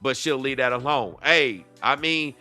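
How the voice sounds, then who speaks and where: A man's voice: medium pitch, lively intonation, a little slow, bright, forceful tone, soft background music. A man giving heated reaction commentary, confrontational and full of rhetorical questions. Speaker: YouTube commentator.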